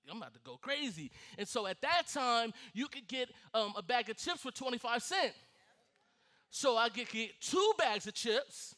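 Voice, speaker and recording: A man preaching with a strikingly high, bright voice. He tells his stories in an animated way, laughing and acting out the scenes as he goes. The delivery has a forceful edge that carries. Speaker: pastor. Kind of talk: sermon.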